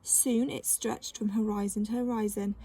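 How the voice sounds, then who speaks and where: A woman reading a children's novel aloud with gentle, expressive storytelling. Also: medium pitch, normal speed, breathy edge. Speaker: narrator.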